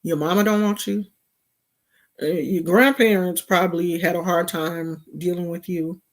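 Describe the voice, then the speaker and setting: Woman vlogger, from California, slow drawl, slightly low voice, slangy mocking commentary. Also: fairly even intonation. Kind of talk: casual gossip commentary.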